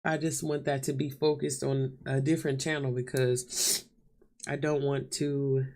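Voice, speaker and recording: A woman with a bass voice talks in a level, unhurried, slightly mellow tone. She's vlogging live to her camera mic, chatting openly and casually with viewers and calling them y'all and honey in a candid live-stream.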